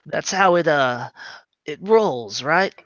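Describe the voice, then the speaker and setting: A tabletop role-play player who talks slowly and hesitantly, with many fillers, in and out of character. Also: mid-range voice, animated, a bit bright, dry recording, dull audio.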